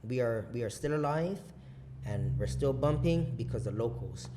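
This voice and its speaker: A man from Guam, a business owner guesting on a podcast, telling stories in casual chat, swearing a lot and talking in an animated way. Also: mid-range voice, moderate pace, background noise. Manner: profane, animated storyteller.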